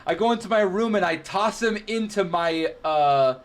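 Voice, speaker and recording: A man's voice: high voice, moderate pace. A man playing a tabletop game, describing his character's actions with hesitant restarts. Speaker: player. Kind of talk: casual play at a tabletop game.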